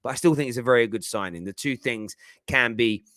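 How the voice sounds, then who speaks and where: A man's voice: medium pitch, brisk, a bit bright, no echo, studio quality. Chatty man hosting a football stream. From England. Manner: chatty, banters with viewers. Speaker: football podcast host. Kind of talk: live-stream phone-in chat.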